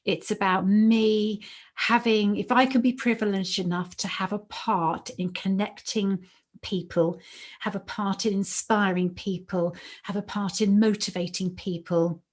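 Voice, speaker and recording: A woman's voice: mid-range voice, fairly even intonation, measured pace. Earnest, emotional British woman host. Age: 40s. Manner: earnest, emotional, repeats herself for emphasis. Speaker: podcast host and former teacher. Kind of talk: podcast interview storytelling.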